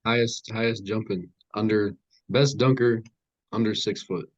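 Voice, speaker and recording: A man's voice: fairly low pitch, fairly even intonation, unhurried, no room sound, highs cut off. A teenage boy, a hesitant and modest podcast guest. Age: teens. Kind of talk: casual interview chat.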